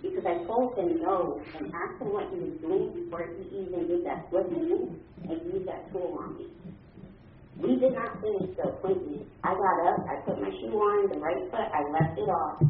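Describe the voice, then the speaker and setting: A woman telling her own story in a halting way, with many fillers and restarts. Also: lowish voice, a little hiss or hum. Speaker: caller giving testimony. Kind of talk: personal account. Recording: distant muffled phone line with room echo.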